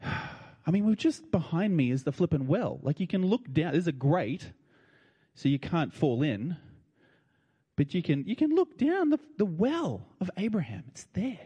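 A man's voice: fairly high pitch, big pitch swings, a little slow, warm tone, husky, muffled recording. Older Australian man in a big hall. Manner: colloquial and heartfelt, with feeling in his voice. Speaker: speaker addressing an audience. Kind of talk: emotional personal storytelling. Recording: long reverb of a large hall.

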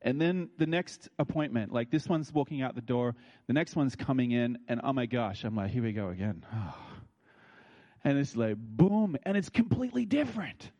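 A man preaching a sermon, telling stories and acting out what people said, with his voice leaping high when excited. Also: normal speed, dull audio. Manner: animated, leaps high when excited, acts out quotes. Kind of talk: sermon with storytelling.

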